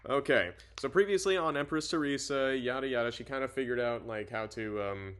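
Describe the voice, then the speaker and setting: A man's voice: medium pitch, brisk, fairly bright tone, smooth. A man reading a novel aloud and commenting on it casually, rambling and often correcting himself. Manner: rambling, full of fillers and self-corrections. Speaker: reader and commentator.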